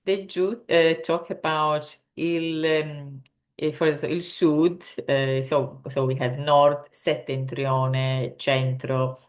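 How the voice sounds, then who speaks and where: A woman teaches an online language lesson at a very unhurried pace. She hesitates often, filling gaps with small sounds, then lands carefully on each word she pronounces. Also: low-pitched, level tone. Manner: slow, hesitant, many fillers, carefully pronounces Italian words. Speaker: Italian teacher.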